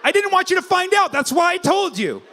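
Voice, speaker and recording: A man shouting as an indignant eye-patch guy. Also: very high voice, big pitch swings, brisk, background noise, voice pushed up, full character voice. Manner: shouting, exasperated.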